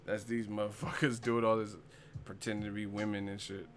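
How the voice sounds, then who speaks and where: A man's voice: fairly low pitch, little pitch movement, brisk, slight background noise. Profane laughing man on a live stream. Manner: profane, giggly, keeps breaking into laughter. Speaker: boxing channel host.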